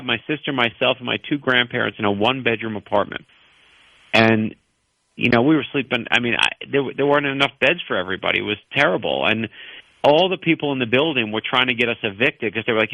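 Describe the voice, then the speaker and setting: A man from New York, an author guest on a radio talk show, telling personal stories in an earnest, animated way. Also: mid-range voice, fast, vocal fry, no echo, dull audio. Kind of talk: radio interview storytelling.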